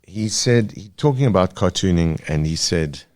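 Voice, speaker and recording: A very low-voiced man speaks haltingly, full of fillers and restarts. His voice is close and dry, with no room sound. He talks as a podcast guest about his work. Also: expressive, a little mellow, no echo. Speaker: guest cartoonist. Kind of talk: podcast interview.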